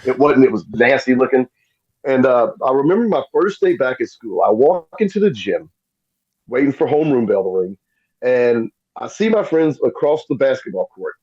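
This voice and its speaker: A man's voice: mid-range voice, normal speed, slightly rough. Guy, middle-aged, spinning a yarn on a podcast, slightly dull sound. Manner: animated, acts out quoted voices. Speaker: podcast guest. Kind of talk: casual storytelling.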